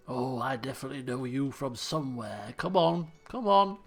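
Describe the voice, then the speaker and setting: A man commenting as he plays a game, animated, laughing and muttering to himself as he thinks. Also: medium pitch, normal speed, few pauses. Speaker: let's play host. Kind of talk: gameplay commentary.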